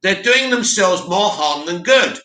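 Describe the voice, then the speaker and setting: A man's voice: sits high, animated, a little slow, pushed and bright, roomy sound, poor audio. A man with a sore throat hosting a casual livestream, reading chat comments aloud and giving blunt opinions.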